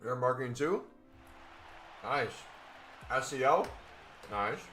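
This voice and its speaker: A man's voice: mid-range voice, animated, slow pace, a bit bright, faint music behind. A man chatting casually with his stream viewers, rambling with lots of fillers and sometimes talking with food in his mouth. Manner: rambling, filler-heavy, eats while talking. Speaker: gaming streamer.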